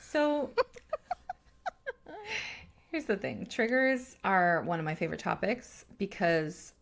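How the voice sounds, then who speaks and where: A woman's voice: mid-range voice, very animated, slow, creaky, noisy background. A woman co-hosting a podcast, talking bluntly and swearing freely in a coaching tone, with laughs along the way. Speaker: podcast co-host. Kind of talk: casual podcast chat.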